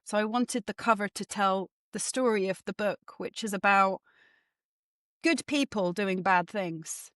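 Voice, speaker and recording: A woman from Norfolk, England, with a mixed English and mid-Atlantic twang, talking as an interview guest. She is animated and self-deprecating, at a middle pitch. The recording is dry and close. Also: measured pace, no room sound. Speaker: guest author and development economist. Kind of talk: casual interview chat.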